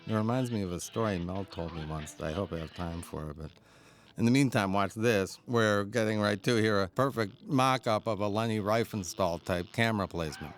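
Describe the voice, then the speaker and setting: Deep-voiced male commentator, enthusiastic and anecdotal, laughing between remarks. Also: brisk, faint music behind. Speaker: film commentator. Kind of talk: audio commentary on a cartoon.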